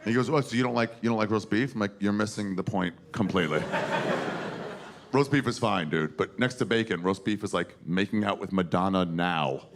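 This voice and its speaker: A man in his forties doing a crude, animated stand-up comedy set on a theater stage, acting out characters as he tells stories. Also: lowish voice, a little fast. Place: theater stage before a live audience. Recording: noisy live room with audience laughter.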